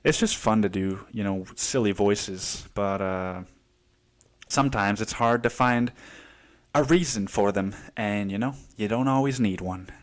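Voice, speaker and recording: A man's voice: on the low side, measured pace. Rambling, profane podcast man. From Mexico. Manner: rambling, profane, storytelling with quoted voices. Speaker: podcast host. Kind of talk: casual solo podcast monologue.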